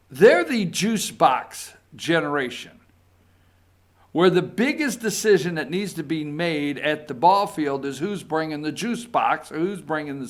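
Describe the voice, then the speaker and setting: A man with a Southern US accent hosting a casual political talk show, reading posts aloud in a folksy, sarcastic way. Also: a little high. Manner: folksy, sarcastic, animated when reading quotes. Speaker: political commentary host.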